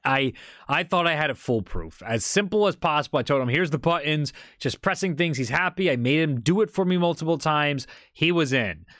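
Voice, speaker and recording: A man co-hosting a podcast, telling a long story in a rambling, animated way. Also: fairly high pitch, brisk, no room sound, clean studio sound. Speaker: podcast co-host. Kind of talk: casual chat, storytelling.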